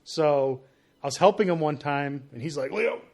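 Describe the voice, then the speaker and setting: Guy on a podcast, kinda high voice, rambles through funny stories laughing. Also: moderate pace, a little mellow. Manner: rambling storyteller, laughs often. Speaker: guest. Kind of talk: casual podcast chat.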